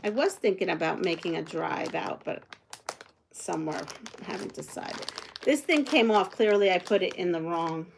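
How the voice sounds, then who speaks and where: A woman's voice: fairly low pitch, animated, normal speed, creaky, noisy background. A woman hosting a quilting livestream from home, chatting casually with viewers and thinking aloud as she sews. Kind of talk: casual live chat while sewing.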